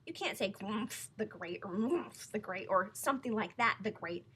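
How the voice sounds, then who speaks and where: Storybook circus boss, male, grand and self-pleased; a woman reads him, bright tone. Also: medium pitch, expressive, moderate pace, slightly rough. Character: boastful showman male circus owner.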